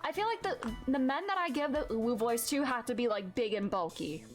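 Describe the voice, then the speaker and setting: Young woman streamer; high, animated, casual. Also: a little fast, soft background music. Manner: chatty, lots of "like". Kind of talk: casual gaming commentary.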